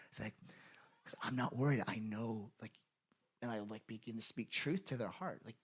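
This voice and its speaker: A man's voice: mid-range voice, moderate pace, fairly bright tone. A man preaching a sermon in a church in an earnest, conversational way, with lots of fillers. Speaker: pastor. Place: church sanctuary.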